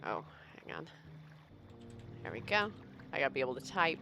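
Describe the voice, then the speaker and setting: A woman's voice: deep voice, very animated, normal speed, vocal fry, background noise. A young American woman streaming a game, chatting casually with her viewers and laughing often. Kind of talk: casual live-stream chat while playing.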